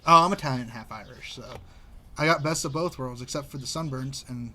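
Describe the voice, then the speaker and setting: A man's voice: mid-range voice, brisk, bright, forceful tone. A young man co-hosting a podcast, rambling, laughing often and calling his friend dude. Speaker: podcast co-host. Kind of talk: casual chat.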